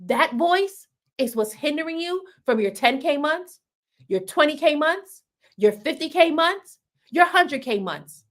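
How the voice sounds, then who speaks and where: A woman's voice: high voice, animated, measured pace, fairly bright tone. A woman hosting a live stream as a business coach, speaking emphatically in a preacher-like way and repeating phrases for punch. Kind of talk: motivational live-stream talk.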